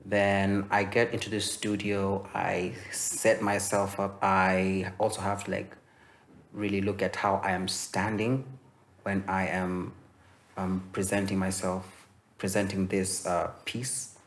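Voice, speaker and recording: A young man from Kenya teaching voice-over in a relaxed, explanatory way, with many fillers and restarts. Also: low voice, takes it slowly. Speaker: voice-over coach. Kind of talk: instructional masterclass.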